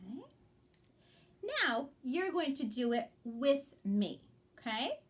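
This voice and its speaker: Slowly and with lively intonation, a woman with a high voice teaches young children to blend word sounds in a reading lesson. She's patient and encouraging, checking in with them often.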